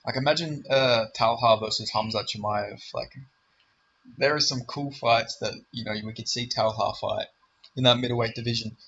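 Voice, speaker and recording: Bright-voiced young man rambling about fights. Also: medium pitch, steady tone, normal speed, gravelly, lo-fi sound, slight background noise. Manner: rambling, filler-heavy, self-correcting; confident, enthusiastic. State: voice briefly giving out. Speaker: MMA predictions YouTuber. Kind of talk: casual solo commentary.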